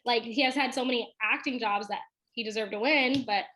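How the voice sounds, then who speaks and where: A woman's voice: a little high, fairly quick, pushed and bright. A woman co-hosting a casual chat show who speaks earnestly, leads the topics, and often trails off and restarts. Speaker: podcast co-host.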